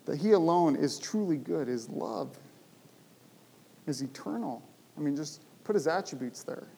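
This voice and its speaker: A man's voice: a little high, expressive, a little slow, vocal fry, warm tone, slightly rough. A man preaching a sermon, telling a story with emphasis and asking his listeners rhetorical questions.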